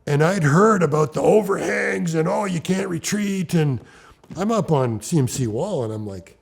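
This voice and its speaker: A middle-aged man from Ontario, Canada, telling climbing stories in an animated, restart-heavy way as an interviewee. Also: fairly high pitch, normal speed, vocal fry, breathy edge. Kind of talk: animated storytelling.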